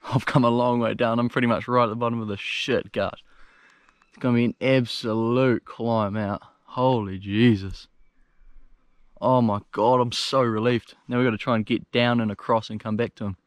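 A young man with a New Zealand accent filming himself on a steep hillside outdoors, talking bluntly and excitably, with plenty of swearing, into a handheld action camera. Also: medium pitch, normal speed, no echo. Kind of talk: casual self-filmed commentary.

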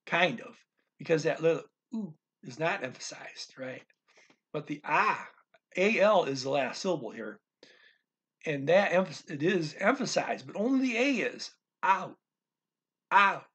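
A man teaching a language in a casual, thinking-aloud way, reading phrases slowly and restarting often. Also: fairly high pitch, sing-song, a bit bright, husky. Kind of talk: casual explanatory lesson.

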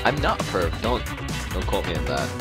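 A man's voice: low voice, very animated, a little fast. A young man recording a let's play, rambling goofily and talking straight to his viewers. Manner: goofy, rambling, talks to viewers. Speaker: gaming video host. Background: game music.

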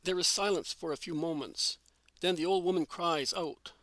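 A man reading a religious story aloud in a measured, even storytelling manner. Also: on the high side, no room sound. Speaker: reader. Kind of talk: scripted narration of a religious story.

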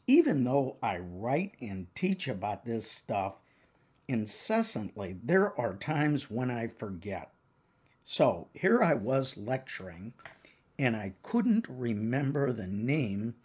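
Older male professor, husky, slow and deliberate, emphatic teaching delivery. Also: mid-range voice, darkish tone. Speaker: counseling exam prep author and professor. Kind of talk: lecture to exam takers.

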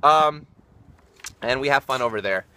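A man's voice: mid-range voice, measured pace, slight background noise, low-quality recording. A man hosting a comic livestream, chatting with viewers in a goofy, playful way and jumping between silly voices. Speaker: livestream host. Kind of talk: improvised comic livestream banter. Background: loud ukulele.

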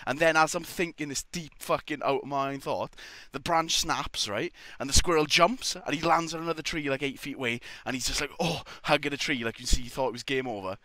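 A man's voice: mid-range voice, a little fast, hardly any pauses, sharp tone, dry recording. A young man telling a rambling, sweary story in casual chat, often laughing as he goes. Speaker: podcast guest.

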